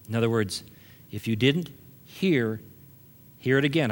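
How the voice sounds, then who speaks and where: A man delivering a sermon as pastor, moving between animated emphasis and a soft, intimate delivery. He reads scripture aloud and speaks directly to the congregation. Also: mid-range voice, measured pace, long pauses. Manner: animated preaching, drops to soft intimate tones at the close.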